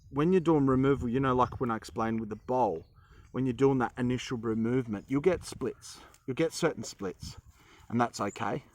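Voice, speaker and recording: Australian man, young adult, casual carving lesson, rambling, joking, mid pitch. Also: no echo. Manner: rambling, chatty, self-deprecating humor. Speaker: woodcarving teacher. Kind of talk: casual instructional talk while carving.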